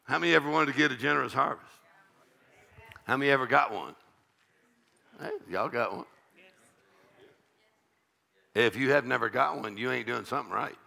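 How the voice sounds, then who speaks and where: An older man preaches with a heavily gravelly, rough voice and a sharp, tense edge. He works the congregation with folksy jokes and call-and-response questions. His pitch sits in the ordinary middle range for a man. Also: normal speed, long pauses. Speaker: pastor. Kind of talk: evening church sermon.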